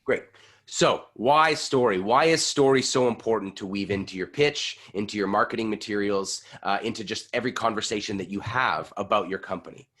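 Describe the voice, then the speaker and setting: A man coaching a vocal warm-up over a video call, with energetic demonstrations that sometimes get loud. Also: on the low side, fairly quick. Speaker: pitch coach. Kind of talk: online voice workshop.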